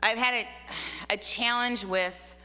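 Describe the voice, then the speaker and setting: A middle-aged guest artist from Minnesota talks casually about her life, rambling with plenty of fillers. Her voice is on the high side, fairly even in intonation, slow, smooth, and pushed and bright. The long hall reverb reflects the church hall setting.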